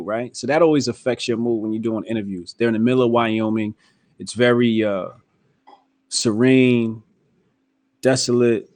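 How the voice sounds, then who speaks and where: A man's voice: mid-range voice, no room sound. Male podcast host, laid-back slangy explainer, dry close sound. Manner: relaxed, explanatory, slangy and emphatic. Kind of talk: casual political podcast chat.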